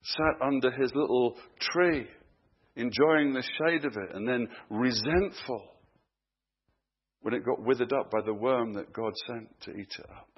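A man preaching a sermon, moving between hushed, slow emphasis and raised, urgent questions to his listeners. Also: medium pitch, breathy edge, muffled recording.

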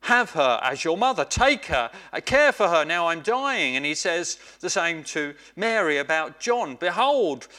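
A man preaching a sermon in a slow, deliberate way, drawing out key phrases and repeating them for emphasis. His voice sits a little high for a man and sounds bright and clear.

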